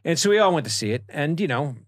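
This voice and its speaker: A man's voice: on the high side, lively intonation, fast talker. A middle-aged man co-hosting a podcast, telling a story in a rambling, casual way and swearing freely. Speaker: co-host.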